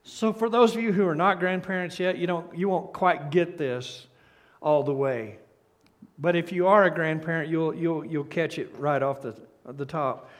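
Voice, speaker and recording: An older man preaching a sermon as pastor, earnest, often restarting and repeating words, dropping to a soft, hushed tone at key points. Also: fairly high pitch, moderate pace. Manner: reads a story aloud and drops to a soft, hushed tone at key points.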